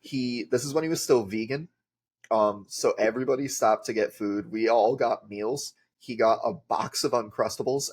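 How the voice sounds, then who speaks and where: A man's voice: fairly low pitch, slightly rough. A man, a podcast guest telling rambling casual stories with lots of filler words. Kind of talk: casual storytelling.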